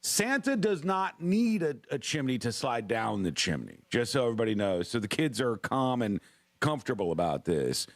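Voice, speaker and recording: Radio host, man, playful wry banter, animated pitch; dry booth. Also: normal speed, no room sound. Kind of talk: casual radio talk show banter.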